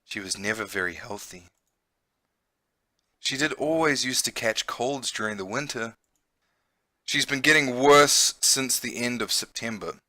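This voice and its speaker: A man voicing a sad young male pigeon schoolboy in a dating game, in a hushed, halting way. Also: mid-range voice, no echo. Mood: sad, hesitant.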